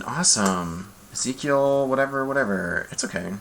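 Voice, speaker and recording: A man's voice: lowish voice, expressive, moderate pace, vocal fry, pushed and bright. A man running a tabletop game as game master, laid-back and chatty, on a desk mic.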